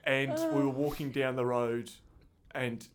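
A man from Tasmania with an Australian accent, telling stories in animated, jokey casual chat. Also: mid-range voice, unhurried. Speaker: podcast co-host.

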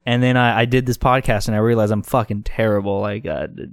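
A man's voice: on the low side, fast, no room sound, studio quality. A man hosting a casual podcast, reading a story aloud and slipping in and out of put-on accents. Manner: animated, laughs often, hops between put-on accents.

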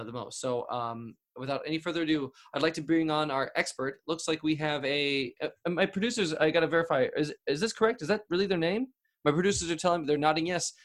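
A man's voice: a little high, a bit bright. Overly polite man hosting a mock talk show. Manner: overly polite, hesitant, with many restarts. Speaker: host of a parody advice show.

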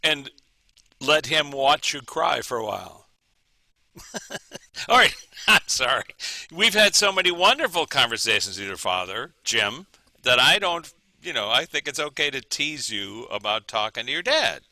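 A man's voice: medium pitch, sing-song, unhurried, sharp tone, no echo. A man hosting a podcast in casual chat, playful and teasing, laughing often. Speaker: podcast host.

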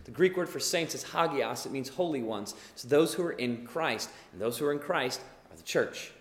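Earnest young preacher in an echoey hall. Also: male voice, medium pitch, expressive, moderate pace. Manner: earnest, explanatory, builds to emphatic bursts. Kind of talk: sermon. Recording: echoey hall with long reverb.

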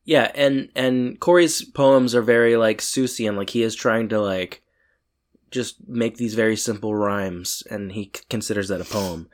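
Low-voiced young man, chatty co-host. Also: steady tone, measured pace. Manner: chimes in to correct and add plot details; chatty, with many fillers like "like". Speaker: podcast co-host. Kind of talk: casual chat recapping a TV episode.

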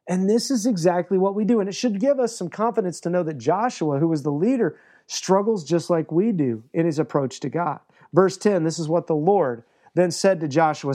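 A man's voice: sits high, moderate pace, hardly any pauses, dark tone. A man preaching a sermon in an earnest way, sometimes acting out the lines of biblical figures. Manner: earnest preaching, acts out voices of God and Joshua. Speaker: pastor.

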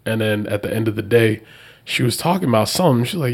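A man guesting on a podcast, telling funny stories in a lively, laughing way and acting out kids' lines. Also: lowish voice, fast talker, breathy edge. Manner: animated, laughing storyteller who acts out kids' voices. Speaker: podcast guest, jiu-jitsu instructor. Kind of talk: casual storytelling.

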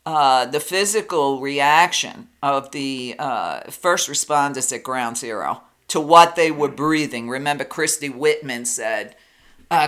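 A man's voice: on the high side, unhurried, pushed and bright, clean tone. A man who hosts his own show, talking bluntly and indignantly in a casual political chat. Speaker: talk show host.

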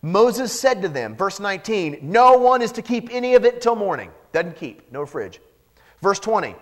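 Male pastor, sermon, high voice, very lively pitch, joking, animated. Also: normal speed. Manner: animated, joking, acts out Bible characters.

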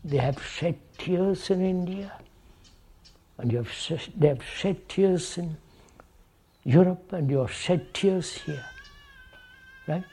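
A man's voice: high voice, slow pace, long pauses, warm tone, breathy edge. A man giving a reflective public talk to an audience, posing questions and repeating phrases, often checking with "right?". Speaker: speaker addressing an audience.

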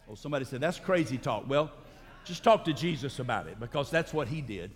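A male pastor giving a sermon in a church sanctuary, preaching emphatically and breaking into loud, high outbursts. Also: expressive, a little fast, husky, soft background music. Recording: long hall reverb.

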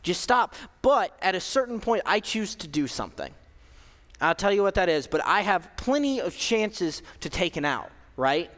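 Young male preacher, high voice, casual sermon delivery with fillers, reverberant hall. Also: sing-song, normal speed, a bit bright. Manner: conversational, self-deprecating, frequent fillers and restarts.

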